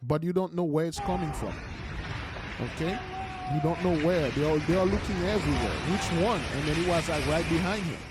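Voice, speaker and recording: A man's voice: on the high side, a little fast, very noisy. A man commenting over video clips as an online preacher, repeating his points emphatically and addressing listeners as beloved.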